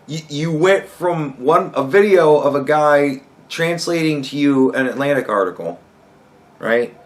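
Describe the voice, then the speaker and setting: A young man rants into his podcast mic, swearing freely and climbing to loud, exasperated outbursts. His voice sits a little higher than most men's. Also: lively intonation, a little slow. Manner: heated, swearing, rising to shouts. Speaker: podcast host. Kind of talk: profane rant commentary.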